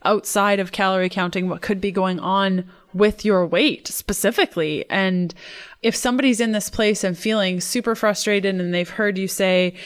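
Woman podcast host, young adult, upbeat, laughs easily, smooth clear voice. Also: mid-range voice, steady tone, normal speed. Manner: enthusiastic, laughs often. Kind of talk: podcast interview.

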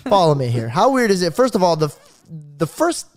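A young man co-hosting a podcast in casual chat, animated and acting out little voices to make his points. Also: high-pitched, moderate pace. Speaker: podcast co-host.

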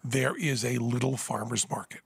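A man telling a story in casual podcast chat, animated and breaking into high laughter. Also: moderate pace, creaky, slightly rough, no echo. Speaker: podcast host. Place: Las Vegas.

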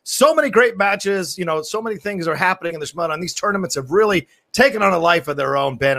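A man's voice: a little high, bright, forceful tone. A man co-hosting a casual show, enthusiastic and rambling, often restarting his sentences. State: out of breath. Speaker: co-host. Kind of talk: casual podcast chat.

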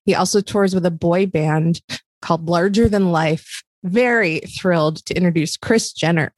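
A middle-aged woman co-hosting a podcast, chatting casually in an excitable, joking, self-deprecating way. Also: lowish voice, moderate pace, no echo. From not from Philadelphia. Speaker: podcast co-host. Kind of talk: casual chat.

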